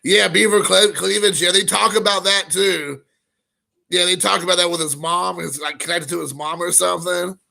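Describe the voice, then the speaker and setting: A man's voice: sits high, steady tone, normal speed, vocal fry, bright, forceful tone. A man hosting a casual live stream, rambling with lots of fillers and greeting viewers in chat. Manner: rambling, frequent fillers, reads chat aloud.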